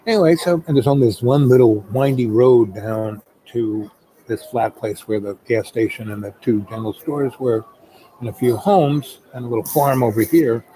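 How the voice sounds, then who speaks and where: A middle-aged storyteller with a medium-pitched voice tells a long, casual anecdote at normal speed, rambling and filling it with "um" and "you know." The audio is poor, with crowd chatter behind him.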